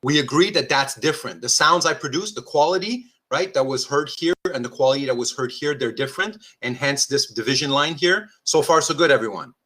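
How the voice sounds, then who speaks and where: A man's voice: medium pitch, expressive, fairly quick, few pauses, bright, forceful tone. A man lecturing on philosophy at a diagram. He thinks aloud, often checks that listeners follow, and corrects himself as he goes. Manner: self-correcting restarts, informal asides.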